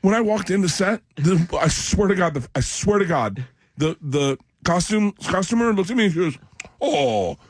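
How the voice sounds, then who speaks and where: A man's voice: high-pitched, lively intonation, normal speed, dry recording. A middle-aged man, a comedian guest in a radio studio, telling a funny story with laughs and acting out other people's voices. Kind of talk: animated storytelling.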